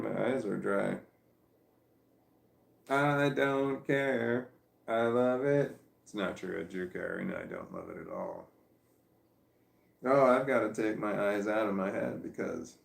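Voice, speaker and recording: A man's voice: on the low side, wildly swooping pitch, moderate pace, vocal fry, pauses often, roomy sound. A tired man in a casual vlog, rambling and arguing with himself at home. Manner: talks to himself, argues with himself, laughs and sighs. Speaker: vlogger. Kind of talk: rambling self-talk vlog. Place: at home on a couch with his dog.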